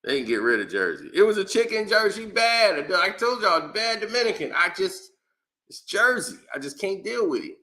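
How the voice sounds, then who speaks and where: A man holds forth in a loose, unscripted rant. His voice is very bright and sits a little high for a man. He talks with exasperated energy, slangy and quick to laugh. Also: big pitch swings. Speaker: commentary channel host. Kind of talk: casual opinion rant.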